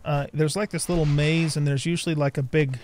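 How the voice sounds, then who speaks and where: Older male gaming host, casual rambling commentary, voice a touch high, easily excited. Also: a little fast, a crowd in the background. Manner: chatty, rambling, bursts of excitement. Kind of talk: casual let's-play commentary.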